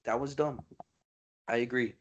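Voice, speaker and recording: Man, casual movie review chat, excitable, profane, lots of "dude" and "bro". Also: mid-range voice, measured pace, highs cut off. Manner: excitable, swears freely, fillers like "dude" and "bro".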